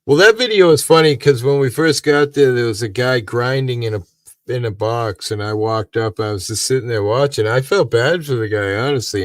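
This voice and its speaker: A man's voice: mid-range voice, no room sound. Profane older man telling a grievance story. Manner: profane, rambling and aggrieved. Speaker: live stream host. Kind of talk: casual storytelling. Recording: dry, from a distance.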